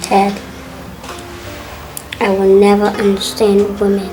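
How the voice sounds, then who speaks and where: A man playing a heartbroken young son who complains slowly and plaintively about his girlfriend. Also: sits high, monotone, mellow, soft background music, poor audio. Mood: dejected. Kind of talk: Ghanaian movie acting.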